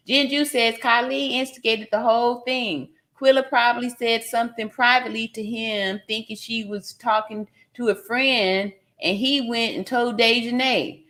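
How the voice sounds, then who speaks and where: A woman's voice: on the high side, a little slow, a bit bright. A woman nurse from California hosting a casual livestream, reading viewer comments aloud and laughing often. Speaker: livestream host reading chat.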